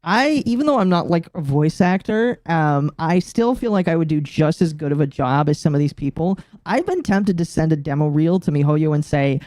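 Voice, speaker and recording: A streamer hosts a casual live stream, ranting animatedly with lots of swearing and frequent laughter. The voice is medium-pitched at a moderate pace with hardly any pauses, recorded cleanly in a studio with no echo.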